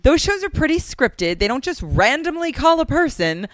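A woman's voice: high voice, moderate pace. A woman in her forties, a comedian guest chatting casually and acting out the people in her stories. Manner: animated storyteller acting out quotes. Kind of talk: casual chat.

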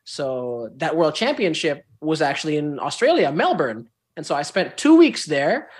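A young man from Indonesia, a performing arts student, chatting as a podcast guest and telling lively stories with a playful streak. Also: a little high, moderate pace, husky, no room sound. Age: young adult. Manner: enthusiastic storyteller, slips into playful character voices. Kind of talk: casual podcast interview.

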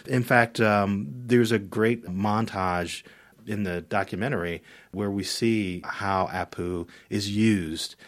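Male critic guest, radio interview, thoughtful, lowish voice. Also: steady tone, takes it slowly. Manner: thoughtful, repeats words when starting.

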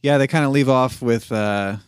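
Dude on a cartoon podcast, hesitant and says like a lot, mid pitch, dry close mic. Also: male voice, normal speed, smooth, no echo. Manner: hesitant, hedging with "like". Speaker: podcast co-host. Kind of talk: casual chat about a cartoon.

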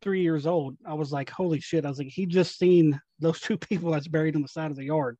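A young man from Tennessee, a paranormal investigator, telling ghost stories in a casual, animated way and acting out the dialogue. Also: on the high side, a little fast, dry recording, dull audio. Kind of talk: casual storytelling.

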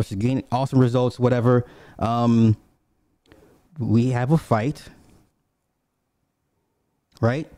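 A man hosts a podcast with a mellow, dark voice. He tells blunt, profane stories and keeps breaking off into asides. The sound is close and dry, with no room echo. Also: mid-range voice. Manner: blunt, animated storytelling with frequent asides. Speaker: podcast host. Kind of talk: casual profane commentary.

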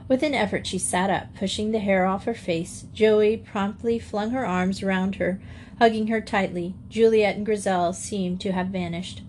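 A woman reading a classic children's novel aloud as an audiobook narrator, in a steady storytelling manner. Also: mid-range voice, moderate pace, slight background noise. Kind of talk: scripted narration.

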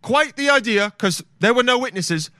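A man putting on a prim, overly proper old-timey townsman who gossips in a prissy high voice. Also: lively intonation, moderate pace, pushed and bright, a little hiss or hum, exaggerated voice.

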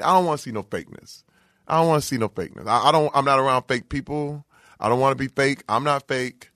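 A man from Flint, Michigan, telling lively stories as a guest, often acting out what people said. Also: mid-range voice, no room sound, clean studio sound. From Flint, Michigan, USA. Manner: animated, acts out quoted voices. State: emotional. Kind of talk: casual interview storytelling.

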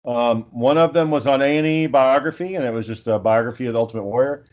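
A man's voice: medium pitch, quick pace, a little mellow, muffled recording. A man chatting casually on a podcast, spinning a long, rambling story. He swears freely and keeps circling back with fillers and restarts. His voice sits in a middle range. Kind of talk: casual chat.

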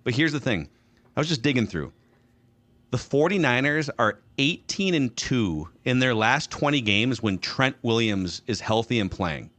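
A man's voice: medium pitch, moderate pace. A man hosting a casual sports podcast, walking steadily through stats and numbers. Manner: stat-driven, steady, walks through numbers.

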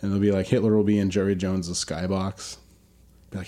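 A man's voice: sits low, level tone, brisk, dark tone. A man co-hosting a podcast, riffing through absurd comedic bits in casual chat, with frequent ums. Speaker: podcast co-host.

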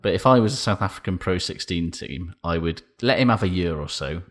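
A man's voice: low-pitched, animated, a little fast. A man co-hosting a podcast, chatting casually about rugby news in a dry, sweary way and laughing often. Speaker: podcast co-host.

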